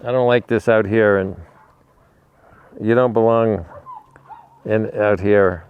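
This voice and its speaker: A man's voice: fairly low pitch, steady tone, slow pace, smooth, narrow, tinny audio. A man who rescues animals tells a story in a rambling way, restarting his words, and talks fondly to a dog outdoors. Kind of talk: casual storytelling while feeding a dog.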